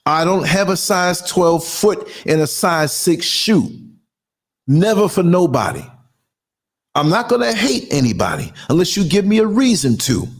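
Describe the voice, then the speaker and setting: A man in his sixties who rants with fire and indignation. His voice sits high for a man and swings widely, and he leans hard on every point he makes. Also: very animated, a little slow. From United States. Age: 60s. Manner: fiery, indignant, emphatic. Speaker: podcast host and culture critic. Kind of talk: ranting monologue.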